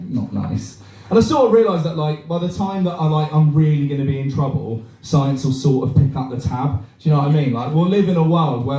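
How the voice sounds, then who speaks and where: This comedian's voice sits on the high side with a dark tone, and he moves fairly quickly with few pauses. He's doing crude, self-deprecating material and bantering with the crowd in a small bar, captured by a distant mic that picks up the roomy space and audience laughter.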